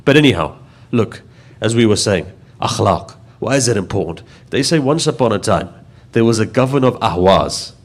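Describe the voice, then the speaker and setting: A man's voice: on the low side, expressive, normal speed. Man preaching a storytelling sermon. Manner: storytelling, building to impassioned emphasis.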